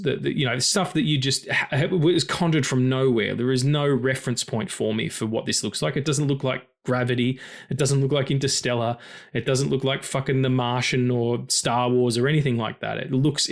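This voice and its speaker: A man co-hosting a film podcast in casual chat, talking passionately and swearing freely, his pitch jumping high when he gets excited. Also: moderate pace, vocal fry. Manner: passionate and emotional about stories. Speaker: podcast co-host.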